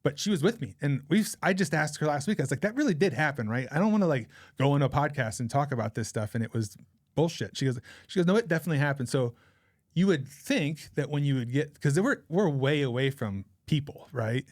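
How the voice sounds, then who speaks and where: Male guest, forties, average pitch, loose chatty anecdote delivery, dry recording. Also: lively intonation, a little fast, darkish tone, no echo. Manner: rambling, chatty anecdote-telling with frequent laughs. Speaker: podcast guest. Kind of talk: casual storytelling.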